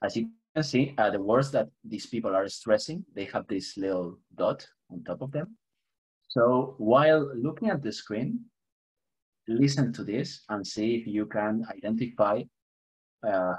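A man's voice: on the low side, a little slow, a little mellow, breathy edge, rough recording. A man from Spain, a native Spanish speaker with a Spanish accent, teaching an online English class, mixing both languages and chuckling now and then. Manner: switches between English and Spanish, chuckles often, light humor.

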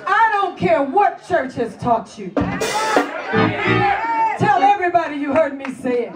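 Woman bishop preaching loud, high voice, echoey church, congregation and organ behind, sounds a bit far off. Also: animated, normal speed, a loud crowd. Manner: rising to shouts and sung phrases, acting out the Pharisees. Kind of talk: call-and-response sermon. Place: church service. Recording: echoey church with congregation, mic heard from a distance. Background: congregation responding, organ music.

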